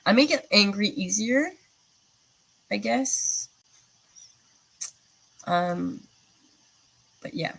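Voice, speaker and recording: Chatting with her live stream viewers, a woman rambles casually with many fillers and responds to their comments along the way. She speaks very slowly and expressively, with long pauses, in a mid-range voice that's gravelly, slightly rough, and fairly bright. The audio is low quality.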